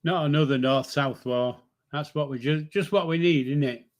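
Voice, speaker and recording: At normal speed and fairly high in pitch, an older man from the north of England hosts an easygoing livestream, reading chat aloud and joking. His talk is chatty and rambling, peppered with fillers and corrections of himself.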